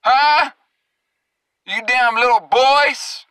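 High-voiced, bright, scolding male preacher. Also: clean tone, no echo, poor audio. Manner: scolding and profane, with drawn-out emphasis on scripture. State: angry. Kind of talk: angry confrontational sermon.

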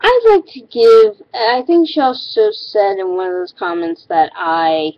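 A woman's voice: medium pitch, a little slow, dry recording, lo-fi sound. A woman ranting in a casual vlog, exasperated and sarcastic, often stopping and restarting her sentences. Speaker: vlogger.

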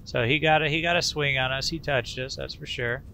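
A man's voice: medium pitch, steady tone, fairly quick, gravelly, sharp tone. A man casually commenting on his gameplay, rambling in a folksy way with fillers and little sound effects. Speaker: gaming channel host. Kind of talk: casual let's-play commentary.

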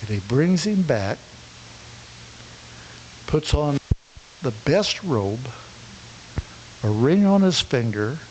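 A man's voice: fairly high pitch, sing-song, slow, long pauses, darkish tone, dull audio. A man preaching a sermon, retelling a parable and acting out its characters, with frequent stammered restarts. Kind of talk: sermon storytelling. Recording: faint hiss.

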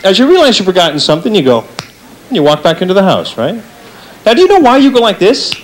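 A man doing a stand-up comedy routine on stage, talking to the audience with an animated delivery and acting out little voices. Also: fast, rough recording. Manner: lively, animated delivery with big pitch swings and acted-out voices. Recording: live stage set with audience laughter. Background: faint audience laughter.

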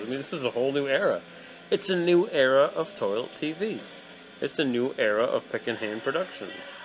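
A young man hosting an absurdist comedy show, swinging from manic yelled bursts to mumbled asides. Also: mid-range voice. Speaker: host.

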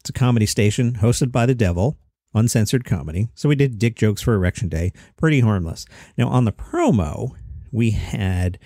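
A man's voice: fairly low pitch, lively intonation, moderate pace, mellow, no echo, clean studio sound. A middle-aged man hosting a comedy news podcast, chatty with jokey asides. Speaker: host.

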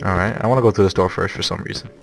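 A man's voice: low-pitched, steady tone, rapid-fire, creaky, noisy background. Jokey, panicky male gamer. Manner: jokey, panicky shouting outbursts. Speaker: let's play gamer. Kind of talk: gameplay commentary.

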